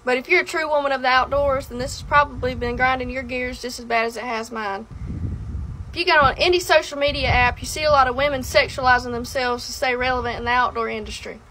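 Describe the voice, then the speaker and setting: A woman's voice: a little high, fairly even intonation, fast, bright, forceful tone, a little hiss or hum. A woman from South Alabama with a Southern accent, ranting bluntly to her followers in a sassy, folksy way. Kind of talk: outspoken social media rant.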